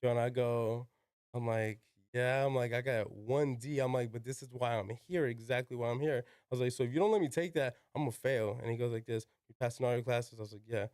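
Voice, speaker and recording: A man's voice: medium pitch, brisk, a little mellow, no room sound, studio quality. A young man, a podcast guest, telling a casual story in slangy talk full of "yo", "like" and swearing. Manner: slangy, peppered with "yo" and "like", swears freely.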